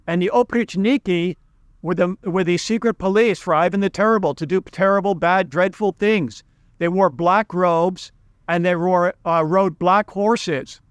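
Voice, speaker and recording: A man's voice: high-pitched, clear, resonant tone, no room sound, studio quality. A middle-aged man from the United States, giving a casual economics lesson in a conversational, storytelling way. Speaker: economics teacher.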